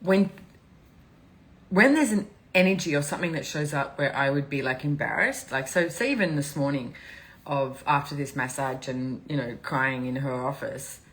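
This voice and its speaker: A woman's voice: sits low, normal speed, a bit bright, low-quality recording. A woman hosting a live stream, talking in a rambling, candid and emotional way, teary and laughing often. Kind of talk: casual live-stream talk.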